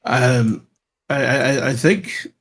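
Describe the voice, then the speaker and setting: A man playing a tabletop game, talking in halting, stammering bursts and laughing often. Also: mid-range voice, fairly bright tone, husky. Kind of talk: casual gaming banter.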